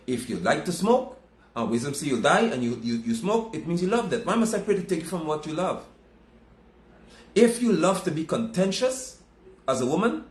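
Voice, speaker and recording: A man's voice: a little high, roomy sound. A man preaching a sermon, emphatic and scolding, repeating his points.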